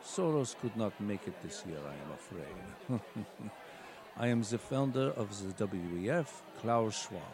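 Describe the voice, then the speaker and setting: A man voicing a menacing older male tycoon villain with a German accent, speaking slowly. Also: on the low side, lively intonation, a crowd in the background, pitched below the performer's own voice.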